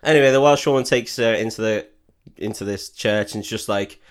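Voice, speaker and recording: A man's voice: on the low side, fairly quick. A man casually recapping a film, sweary and jokey. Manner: sweary, jokey, acts out characters in shouted put-on voices. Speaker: podcast host recapping a film. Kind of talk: casual chat.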